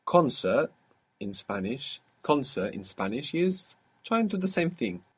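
A husky-voiced man leads a guided language lesson. He explains things patiently and step by step, and keeps quizzing his student as he goes. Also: medium pitch, sing-song, measured pace. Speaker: language teacher.

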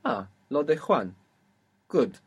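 A man's voice: fairly high pitch, very animated, takes it slowly, breathy edge. Patient male language teacher. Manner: patient, encouraging, explains step by step. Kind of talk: spoken language lesson.

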